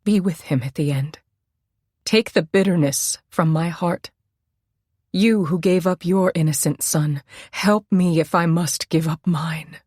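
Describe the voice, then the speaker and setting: A woman narrator voicing a grieving mother praying with quiet dignity. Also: lowish voice, unhurried, husky, dry recording, studio quality. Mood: prayerful.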